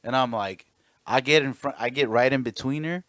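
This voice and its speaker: A man in his thirties co-hosting a podcast, telling a story in a casual, animated way and acting out the quotes with heavy swearing. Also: medium pitch, moderate pace, no room sound, studio quality. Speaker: podcast co-host.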